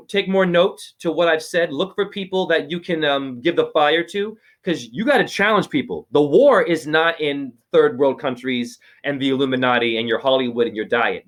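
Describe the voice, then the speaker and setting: A somewhat high-voiced man talks over a video call as a spiritual teacher. He is preachy and rambling, and his voice jumps up in sudden excited exclamations. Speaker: spiritual teacher giving a name reading.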